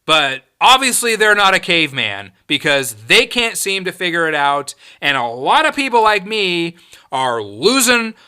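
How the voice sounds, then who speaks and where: A man's voice: high-pitched, big pitch swings, unhurried, pushed and bright, smooth. A man hosting his own podcast, ranting in a heated, profane and emphatic way. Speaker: podcast host. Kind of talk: solo podcast rant.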